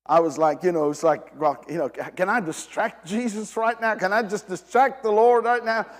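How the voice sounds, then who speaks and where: A man's voice: high-pitched, normal speed, long reverb tail. A man preaching a sermon, emphatic and direct with the congregation, often repeating and restarting his phrases.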